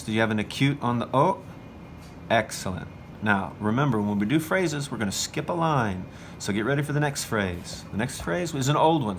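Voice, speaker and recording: Man, teacher, patient, encouraging, slow repeated drills, faint background hiss. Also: mid-range voice. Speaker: Greek teacher trainer. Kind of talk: demonstrating a classroom lesson.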